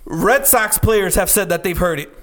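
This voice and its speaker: A young man with a notably high speaking voice holds court in a loose, profane podcast chat. He talks in animated bursts and laughs often. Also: normal speed. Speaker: podcast co-host. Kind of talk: casual chat.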